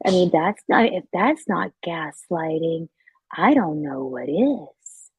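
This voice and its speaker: A woman's voice: lowish voice, animated, normal speed, darkish tone, slightly rough, no echo. A woman hosting a casual livestream, rambling and swearing as she talks straight to her viewers. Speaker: livestream host. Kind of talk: casual live-stream chat.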